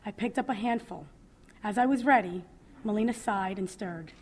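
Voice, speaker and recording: Thirtysomething woman reading out her own story at a podium, earnest and emotional, pauses a lot, voice not high not low. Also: darkish tone. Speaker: mother giving testimony. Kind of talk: reading a personal testimony aloud. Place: public event, speaking at a podium.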